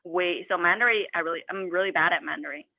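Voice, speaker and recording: A young woman from China with a Chinese accent, doing a deadpan, self-mocking stand-up set and acting out quotes. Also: fairly low pitch, quick pace, creaky. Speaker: stand-up comedian. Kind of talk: stand-up set over a video call. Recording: tinny phone-like audio.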